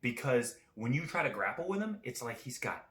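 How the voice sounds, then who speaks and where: A man's voice: mid-range voice, sing-song, brisk, a bit bright. A young man co-hosting a comedy podcast with his brother, goofy and joking in casual banter. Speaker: podcast co-host. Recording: echoey room with faint hiss.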